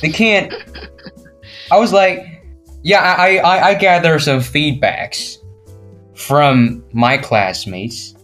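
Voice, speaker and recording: A teenage boy co-hosting a casual podcast, telling a school story in an animated way and mimicking his classmates. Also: fairly high pitch, slow, long pauses, faint music behind. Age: teens. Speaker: podcast co-host. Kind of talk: casual chat.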